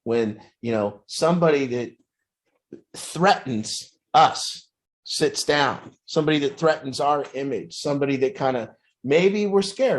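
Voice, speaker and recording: Talking a little slowly, a man tells a group a long, rambling personal story in a casual way. He fills it with fillers and restarts and pitches his voice up for the lines he quotes.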